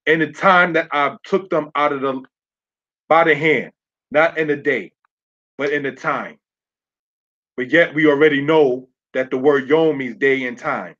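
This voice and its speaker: A man's voice: fairly high pitch, a little slow, long pauses, fairly bright tone. A man teaching a sermon to his congregation, working through slides, repeating key phrases and checking in with his listeners. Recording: dull lo-fi sound.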